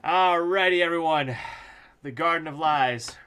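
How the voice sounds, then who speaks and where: Guy author reading his book on stream, slow, bright tense voice, crude jokey asides. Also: fairly high pitch, smooth. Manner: casual and crude, joking asides. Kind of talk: live-streamed audiobook reading.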